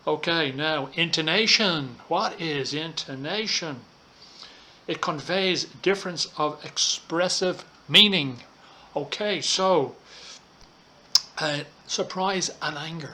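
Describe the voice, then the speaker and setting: A man teaching an English lesson online, talking students through slides in a slow, deliberate way and checking in with frequent "okay"s. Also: fairly high pitch, pushed and bright, slight background noise. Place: Thailand.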